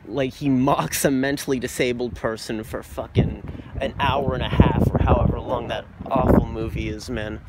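A man's voice: mid-range voice, background noise. A young man vlogging while walking outdoors at night, rambling in a goofy, profane way into a phone camera. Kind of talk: rambling casual monologue.

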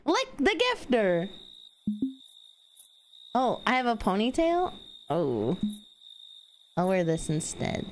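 A woman's voice: mid-range voice, sing-song, slow pace, long pauses, slight background noise. A woman streaming a game live, chatting casually, giggling and thanking viewers over and over.

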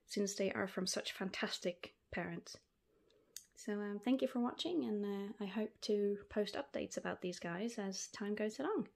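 Young woman, snail unboxing vlog, slow unhurried speech, soft-spoken, lots of ums. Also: medium pitch. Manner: soft-spoken, gushing and breathy with delight, frequent ums. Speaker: snail keeper vlogger.

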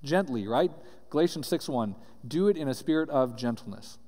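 A pastor preaches a sermon in a church sanctuary, reading scripture aloud and explaining it earnestly, often checking in with "right?" His mid-range, dark voice is animated at a normal speed, with roomy church-hall reverb.

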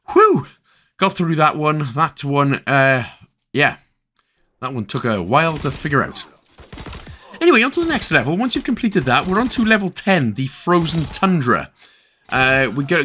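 A man's voice: fairly high pitch, pushed and bright. A man from Wales talking through a game walkthrough, chatty and joking with the player as he goes. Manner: chatty, jokey asides, talks to the player. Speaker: game guide narrator. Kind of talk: casual game walkthrough commentary.

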